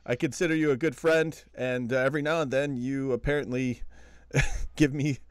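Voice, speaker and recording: A man hosts a late-night live stream from his computer at home, relaxed and chatty, with easy laughs between remarks. His voice sits in a middle pitch. The sound is dry and close, with no room echo. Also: moderate pace, clean tone. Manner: chatty and laid-back, laughs often. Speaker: host of a live call-in fan show.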